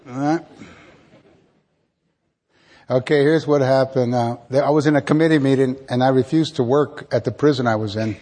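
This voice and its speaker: Man, author reading aloud, husky voice, casual asides between passages. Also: mid-range voice, steady tone, moderate pace, long pauses, warm tone, in a large hall. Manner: plain, conversational between readings, with slips and restarts. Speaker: author reading his own work. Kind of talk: live literary reading.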